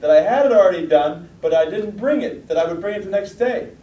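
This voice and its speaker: A man voicing his young daughter as a guilty, flustered schoolgirl who explains herself in halting bursts. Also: expressive, highs cut off. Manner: earnest, halting, tumbling explanations. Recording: roomy, distant mic, faint rumble.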